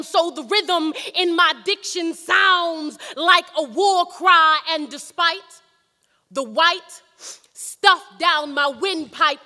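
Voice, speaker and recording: High bright woman doing slam poetry, punchy rhythmic delivery, echoey hall. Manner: rhythmic, emphatic spoken word delivery. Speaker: spoken word poet.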